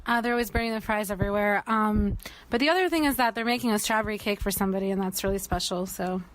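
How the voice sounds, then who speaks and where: A woman co-hosting a podcast, making quick remarks and brief agreeing replies in casual chat. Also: mid-range voice, rough recording. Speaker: podcast co-host.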